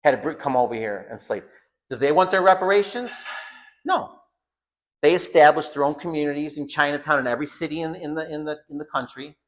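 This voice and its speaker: A man's voice: fairly high pitch, quick pace. A man giving an informal home school lecture, blunt and emphatic, often repeating phrases for stress.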